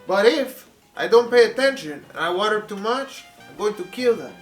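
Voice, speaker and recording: A man's voice: high voice, expressive, normal speed, reverberant, faint music behind. A man putting on a flamboyant mock-Spanish plant lover. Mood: playful. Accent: put-on Spanish. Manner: theatrical, doting on his plants. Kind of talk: comic vlog persona.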